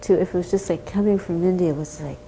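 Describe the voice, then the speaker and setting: Woman, fairly low voice, warm mellow tone, chatty reminiscing, lots of fillers. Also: fast, a little hiss or hum, poor audio. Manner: chatty, many fillers like "you know" and "like". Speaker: interviewee recalling memories. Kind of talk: casual storytelling.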